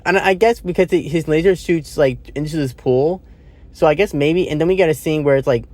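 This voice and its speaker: Sitting in a car, a man with a fairly high, mellow voice and no echo talks quickly through a movie in a loose, rambling review. He leans on fillers, swears casually, and laughs at his own retelling.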